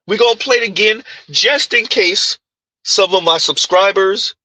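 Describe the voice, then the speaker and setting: An animated man delivering reaction commentary at a slow, deliberate pace. His voice is forceful and a little husky. The sound is close and dry. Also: sits high, no room sound, rough recording. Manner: animated, emphatic, repeats points. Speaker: commentary channel host.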